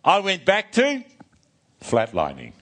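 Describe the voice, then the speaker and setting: An older man preaching a sermon, telling a personal story in an animated way, often restarting and repeating words. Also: sits high, takes it slowly.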